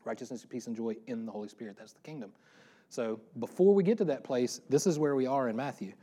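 A middle-aged man preaches a relaxed, conversational sermon. He talks fast and breaks off into self-deprecating jokes before getting back on track. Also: medium pitch. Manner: fast-talking, self-deprecating, joking asides. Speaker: pastor.

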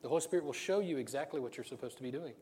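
A man's voice: mid-range voice, racing, dark tone, slight background noise. A middle-aged man preaching a casual, conversational sermon, laughing often and restarting his sentences. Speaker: pastor.

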